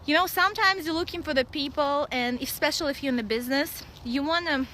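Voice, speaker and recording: A woman in her thirties with a Russian accent, talking blunt and excitable in a casual outdoor vlog, laughing often. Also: high voice, fast talker, a little hiss or hum, low-quality recording. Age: 30s. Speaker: vlogger. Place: outdoors at a dog park.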